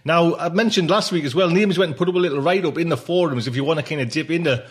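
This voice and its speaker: A man's voice: on the high side, fast talker. A man hosts a podcast and chats casually between segments. He talks informally, rambling, with plenty of fillers. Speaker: podcast host. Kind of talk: casual chat.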